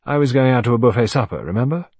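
A man voicing a bluff middle-aged naval commander in an audiobook, talking bluntly and emphatically in a slightly husky voice. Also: medium pitch, lively intonation, very fast, darkish tone, no echo, clean studio sound. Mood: recounting.

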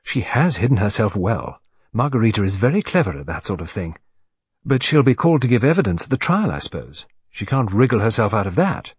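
A man doing a sharp, scornful young woman. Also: fairly low pitch, big pitch swings, breathy edge, dry recording, clean studio sound, heavily acted. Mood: eager. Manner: brisk and dismissive.

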